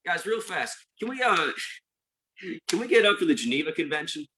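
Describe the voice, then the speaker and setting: A man performing a stand-up comedy set, telling a long deadpan story and mock-cheering the crowd in sudden high bursts. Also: a little fast, a little hiss or hum, low-quality recording. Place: live venue with audience.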